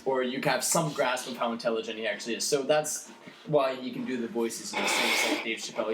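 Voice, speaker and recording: Young male co-host, explanatory, in a roomy and noisy recording. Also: medium pitch. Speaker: podcast co-host. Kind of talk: casual chat. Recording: echoey noisy room.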